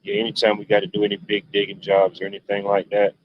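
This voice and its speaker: A man chats loosely on a livestream, drifting from story to story in an easygoing drawl. His voice sits fairly low. The stream audio is dull and lo-fi, with a faint hiss under it. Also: completely flat delivery, quick pace. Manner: laid-back storyteller, drawling Southern turns of phrase. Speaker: livestream host. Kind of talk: casual rambling chat.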